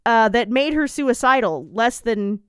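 A woman's voice: fairly high pitch, expressive, unhurried, fairly bright tone, clean tone, dry recording. A woman co-hosting a podcast, recapping an episode in a dry, sarcastic way with frequent ums. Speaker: podcast co-host. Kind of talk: casual recap chat.

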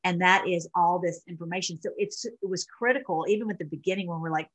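A woman's voice: on the low side, fast talker, poor audio. A middle-aged woman rambling through casual commentary as she reads posts aloud, with many restarts and fillers. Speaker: online show host.

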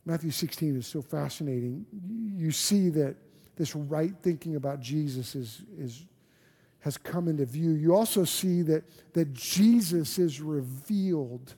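A man's voice: fairly high pitch, normal speed, warm tone, slightly rough. A man preaching a sermon as a pastor, earnest and full of rhetorical questions and restarts. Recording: long hall reverb.

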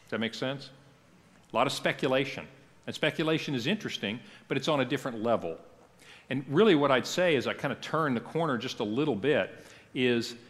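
A middle-aged man, a pastor teaching a church class in a conversational way, often putting questions to his listeners. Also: medium pitch. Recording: long reverb of a church hall.

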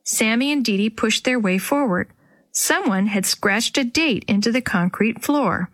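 A woman's voice: on the high side, expressive, unhurried, fairly bright tone, no echo. A woman reading a children's chapter book aloud, giving the characters light voices. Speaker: audiobook narrator.

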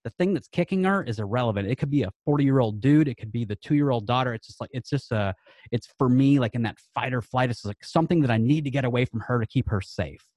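A man's voice: mid-range voice, lively intonation, fast, a little mellow, dry recording. A man in his late thirties, a podcast guest, telling a personal story in an earnest, rambling way with many restarts. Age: late 30s.

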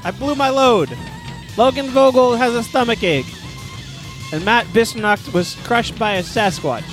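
A man's voice: extremely high pitch, a little slow, music in the background. A man improvising crude comedy bits, rambling and laughing at his own jokes.

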